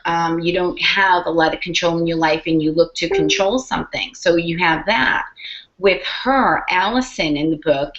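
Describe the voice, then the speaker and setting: A woman author talks in an interview, swearing freely and acting out quotes as she tells her stories. Her voice sits a little low. The audio is dull and lo-fi. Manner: animated storyteller, profane, acts out quotes. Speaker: author guest. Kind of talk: casual interview chat.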